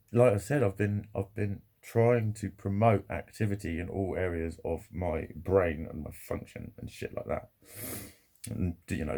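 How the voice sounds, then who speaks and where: A man's voice: low voice, a little mellow. A middle-aged man, talking in a casual, rambling monologue to his camera. He swears a lot and often laughs at his own jokes. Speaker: vlogger.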